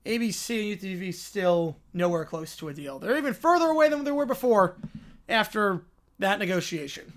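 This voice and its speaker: A man narrating comedy sports skits as the host, in a dry, low-key way. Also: animated, moderate pace, fairly bright tone.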